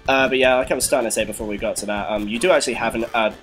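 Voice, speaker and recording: A man's voice: mid-range voice, steady tone, rapid-fire, fairly bright tone, faint music behind, rough recording. A young man commentating a game he plays, frustrated, swearing and laughing at himself. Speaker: let's play host.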